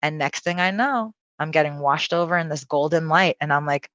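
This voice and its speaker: A woman who is a podcast guest and spiritual healer, telling a personal story with animated, profane energy and acting out quotes. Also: low-pitched, brisk, dry recording, muffled recording.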